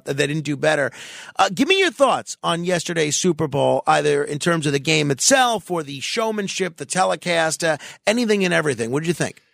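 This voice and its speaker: A male late-night radio host whose voice sits a little high and has a gravelly edge. He talks in a halting, friendly way, full of fillers and restarts. The sound is close and dry, with no room around it. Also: fairly bright tone, no echo.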